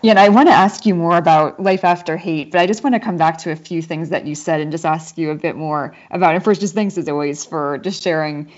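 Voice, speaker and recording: A woman's voice: deep voice, brisk, hardly any pauses, lo-fi sound. A woman hosting a podcast interview, who speaks in an appreciative, conversational way as she sets up her next questions. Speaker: podcast host.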